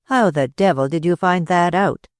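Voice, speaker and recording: A man voicing a puzzled, touchy young gentleman who asks clipped, wary questions. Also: sits high, moderate pace, dry recording, studio quality, lightly acted.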